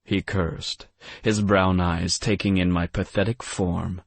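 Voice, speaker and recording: A man narrating a novel in the first person with a measured, low-key delivery. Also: little pitch movement, gravelly, no room sound. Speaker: audiobook narrator.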